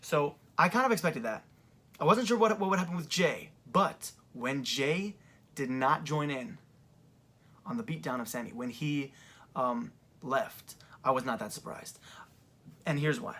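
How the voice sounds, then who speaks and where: A young adult man talking through events in a casual commentary vlog, rambling with lots of fillers, seated in a creaky chair. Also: fairly high pitch, expressive, a little slow, sharp tone. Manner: rambling, filler-heavy retelling. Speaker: wrestling fan reviewer.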